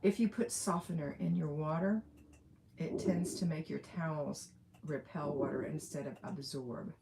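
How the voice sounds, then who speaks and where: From a room at home with the window open and a noisy background, a woman with an Alabama accent hosts a casual live question session. Her low voice is creaky and moderately paced, and she's chatty as she reads viewer comments aloud, laughing now and then.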